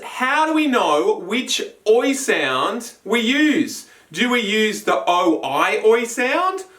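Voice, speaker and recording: A man presenting a spelling lesson, speaking slowly and clearly and sounding out letters and sounds in an upbeat way. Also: sits high, fairly bright tone, reverberant, far from the mic. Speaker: spelling teacher.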